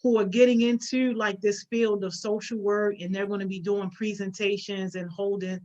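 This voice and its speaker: A woman's voice: medium pitch, level tone, normal speed, darkish tone, lo-fi sound. A woman hosting a live stream, upbeat and casual, greeting viewers one by one. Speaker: host.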